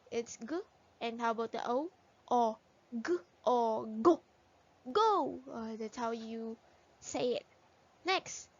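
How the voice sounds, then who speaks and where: Woman doing a kids phonics lesson, sounds out each letter, super slow, muffled lo-fi audio. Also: high-pitched, creaky. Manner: slow, sounds out letters and repeats words for children to echo. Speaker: teacher. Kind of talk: phonics lesson for young children. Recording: dull lo-fi recording.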